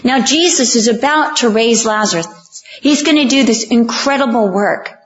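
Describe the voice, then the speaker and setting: Woman preacher, higher voice, slow and emphatic sermon delivery, dull lo-fi recording. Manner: earnest, emphatic, slows down on key lines, acts out quoted voices.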